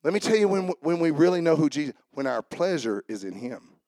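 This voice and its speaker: A man's voice: fairly high pitch, big pitch swings, brisk, warm tone, no room sound, studio quality. A man preaching a sermon as pastor, fervently asking the congregation questions and answering them. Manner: preaching with rising fervor and call-and-response questions.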